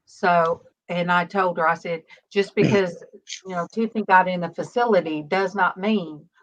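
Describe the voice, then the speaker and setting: A middle-aged woman, hosting a casual online prayer-group chat and pausing often with "um". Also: lowish voice, fairly even intonation, low-quality recording. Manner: halting, many pauses and "um"s. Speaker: online ministry panel host.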